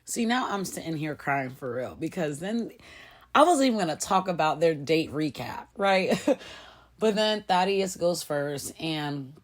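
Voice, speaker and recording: A woman with a notably low voice gives a casual reality-show recap straight to her viewers. She talks in a loose, chatty way, full of asides and friendly calls of girl and y'all. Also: lively intonation, unhurried.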